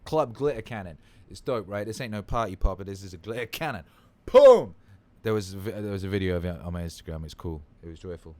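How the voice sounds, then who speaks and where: Man, livestream host, somewhat low pitch, tired, loose rambling chat, swears freely. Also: fast talker, hardly any pauses, darkish tone, dry recording.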